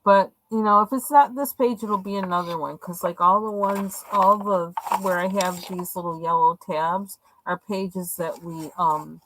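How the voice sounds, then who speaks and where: A woman colors on a livestream while chatting in a rambling, hesitant manner packed with fillers. Her lowish, fairly bright voice stays steady and a little slow, with few pauses, on poor-quality audio.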